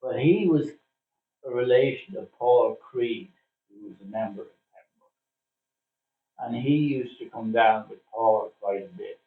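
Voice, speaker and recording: An older man from Ireland, a former cricketer, reminiscing in a casual interview, telling his stories with plenty of "uh" pauses. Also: medium pitch. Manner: chatty storyteller with frequent "uh" pauses. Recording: distant, phone-like, roomy sound.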